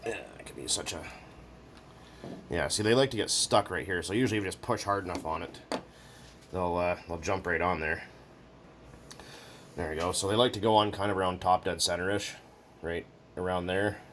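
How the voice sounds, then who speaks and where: A man's voice: deep voice, normal speed, pauses often, fairly bright tone, a little hiss or hum. A man chatting casually and jokingly while working at his bench, rambling and swearing now and then. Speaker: hobbyist video maker. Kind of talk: casual workshop chat.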